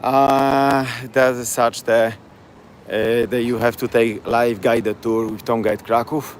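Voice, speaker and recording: A man's voice: medium pitch, level tone, slow. Polish man guiding a night street tour. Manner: chatty, broken English, repeats place names. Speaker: tour guide. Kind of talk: live-streamed walking tour. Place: outdoors on city streets at night. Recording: street noise behind.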